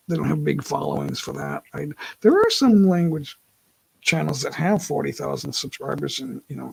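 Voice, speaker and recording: A man's voice: fairly high pitch, creaky, husky, no room sound, low-quality recording. A man hosting a casual livestream from home on his laptop. He rambles, corrects himself mid-sentence and laughs often. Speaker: livestream host. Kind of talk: casual live-stream chat. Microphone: laptop mic.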